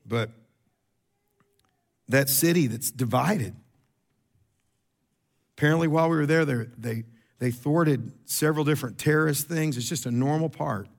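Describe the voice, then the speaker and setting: A middle-aged man, preaching a sermon in a conversational style. He repeats words, makes quick asides to the congregation, and gets louder and higher to stress a point. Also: creaky. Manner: rises in pitch and volume for emphasis. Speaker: pastor.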